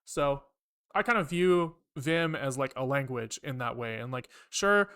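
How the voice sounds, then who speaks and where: A man's voice: mid-range voice, measured pace, clear, resonant tone. A young man streaming himself programming, chatting casually and swearing freely as he rants and explains code. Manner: chatty, profane, animated ranting. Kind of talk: casual live coding stream chat.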